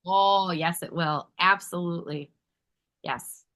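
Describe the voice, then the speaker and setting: A woman's voice: fairly low pitch, takes it slowly, a bit bright. A woman podcast host in casual chat, emphatic and affirming, swearing casually.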